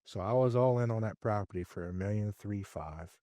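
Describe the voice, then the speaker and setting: Low mellow-voiced man telling a story. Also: brisk, no echo, clean studio sound. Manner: lively storyteller who acts out his own dialogue. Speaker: podcast guest, real estate investor. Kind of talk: conversational storytelling interview.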